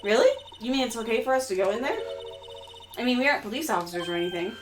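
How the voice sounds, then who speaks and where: A woman's voice: on the high side, animated, very fast, natural voice. A woman reading the lines of an eager teenage girl forensic scientist, over game music.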